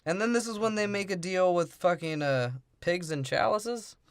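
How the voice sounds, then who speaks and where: A man's voice: high voice, moderate pace, clean tone, no room sound, studio quality. A man co-hosting a podcast, recapping movie scenes with crude jokes and laughter. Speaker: podcast co-host. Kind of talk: casual movie-review banter.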